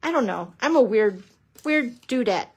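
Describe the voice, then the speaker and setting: A woman's voice: a little high, expressive, a little slow, darkish tone, breathy edge. A middle-aged woman demonstrating papercrafting on a live stream, chatty and bubbly, teasing herself and greeting viewers. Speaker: papercrafting instructor.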